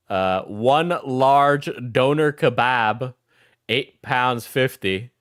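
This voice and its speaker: A man's voice: mid-range voice, fairly bright tone, smooth, dry recording, clean studio sound. A man streaming and reacting casually, laughing often and restarting his sentences.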